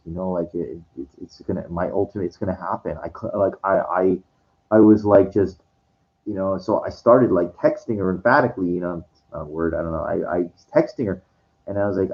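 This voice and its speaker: A man telling a personal story in a casual monologue, halting and rambling, with many restarts, fillers and casual swearing. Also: low-pitched, highs cut off. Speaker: vlogger.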